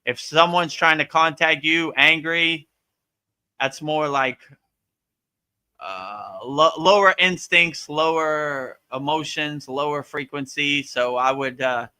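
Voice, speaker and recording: A man who is a spiritual teacher, hosting a live-stream Q&A in a casual, animated way and often asking "you know?" and "right?". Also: fairly high pitch, takes it slowly, clear, resonant tone. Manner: acts out voices playfully.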